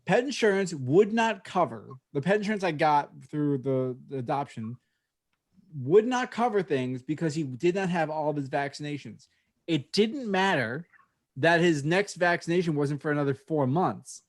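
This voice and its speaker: A man co-hosting a podcast, telling a story in casual chat with lots of swearing and animated delivery. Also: fairly high pitch, moderate pace. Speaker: podcast co-host.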